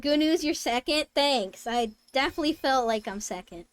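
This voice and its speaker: Expressive and high-pitched, this woman streamer speaks at a normal speed in relaxed live-stream chat while she games. Her talk swings from muttering to squeaks of disbelief and is full of swearing, backed by faint music.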